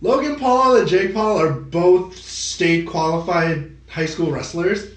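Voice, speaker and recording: Young male podcast co-host, high voice, roomy distant sound, rambling and animated. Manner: rambling, profane, animated with quick impressions. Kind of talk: casual chat. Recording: echoey room, off-mic.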